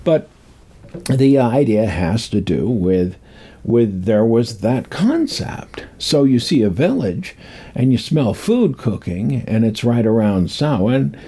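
A man's voice: mid-range voice, warm tone, breathy edge. A man in his sixties telling folklore in a rambling, chuckling way, acting out voices as he goes. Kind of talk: casual storytelling talk.

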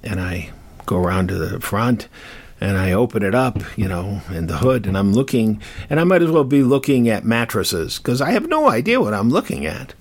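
Husky older man telling a rambling story. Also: lowish voice, sing-song, moderate pace. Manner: rambling, self-deprecating, chatty. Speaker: host. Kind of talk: casual storytelling.

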